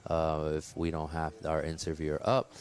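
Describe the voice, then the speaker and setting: A man's voice: very deep voice, completely flat delivery, normal speed, darkish tone. A man commentating a live surf contest, joking and teasing his co-host between heats. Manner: playful, teasing banter.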